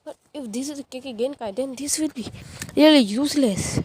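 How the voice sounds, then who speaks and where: A woman's voice: sits high, brisk, darkish tone. A woman casually retelling a fan-made ninja story, rambling with constant filler phrases and restarts.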